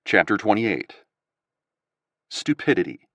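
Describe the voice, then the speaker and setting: A man narrating an audiobook in an expressive, varied storytelling manner. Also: lowish voice, normal speed, no room sound, highs cut off. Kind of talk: scripted narration.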